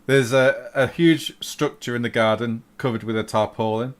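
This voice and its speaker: A man's voice: medium pitch, fairly even intonation, normal speed. A man narrating a tabletop game as game master, hesitant, with many fillers.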